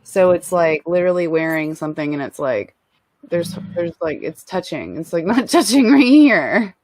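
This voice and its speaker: Female guest, lower voice, dry close sound, blunt and self-mocking. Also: expressive, normal speed, a little mellow, no echo. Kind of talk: casual chat.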